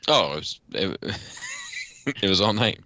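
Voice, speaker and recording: A man's voice: low voice, lively intonation, measured pace, bright, forceful tone, no echo, dull audio. A man in his thirties chatting on a podcast, telling rambling stories and swearing freely. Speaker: podcast co-host. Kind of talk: casual podcast banter.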